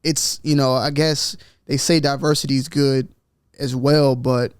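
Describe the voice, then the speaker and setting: A man's voice: medium pitch, level tone, a little slow, clear, resonant tone, no echo, clean studio sound. A man hosting a podcast in casual chat, a little tipsy, telling stories loosely and mimicking other people's voices. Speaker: podcast host.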